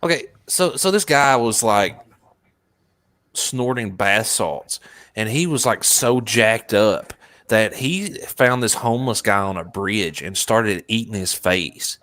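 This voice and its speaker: Man, casual chat, excitable storyteller, low voice. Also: slow.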